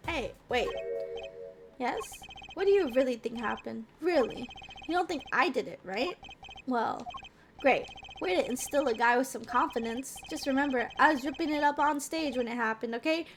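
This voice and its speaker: A woman's voice: sits high, normal speed, background noise. A woman reading a cocky rocker cop. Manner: swaggering slangy drawl. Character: cocky male rock guitarist detective, young adult. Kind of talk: reading game dialogue aloud.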